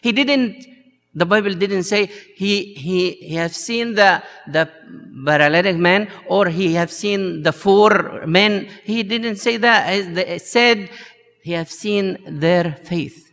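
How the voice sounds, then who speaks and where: A priest preaching a sermon at an unhurried, halting pace, full of small hesitations. His voice is gravelly and a little high, and a long hall reverb rings behind every phrase. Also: fairly bright tone. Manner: slow and halting, many uh fillers, acts out the story's voices.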